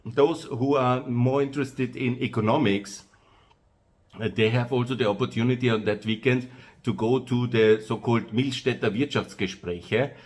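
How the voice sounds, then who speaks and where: A man with an Austrian accent, speaking in a loose, rambling monologue for his own video channel, pausing often on "uh" and repeating himself. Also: medium pitch, fairly even intonation, darkish tone. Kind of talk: monologue to camera.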